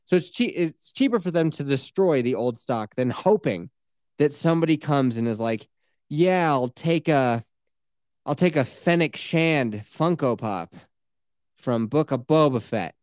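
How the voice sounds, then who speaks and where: A male podcast co-host riffs with plenty of swearing and sarcasm, swinging his pitch up and down as he acts out little mocking voices. His voice is close and dry, with no room sound at all. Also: expressive, a little slow, darkish tone, dry recording. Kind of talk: casual podcast chat.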